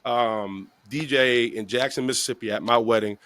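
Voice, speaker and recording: This podcast host from the Bronx, New York speaks at normal speed with a medium pitch on a dry recording. Casual and animated, he spins a long tale, laughing a lot and doing voices for its characters.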